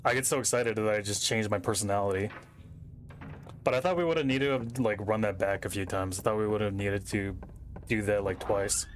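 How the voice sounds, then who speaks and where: Young man, game streamer, lowish voice, rambling casual commentary, thinks aloud, desk mic, faint background noise. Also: fairly quick.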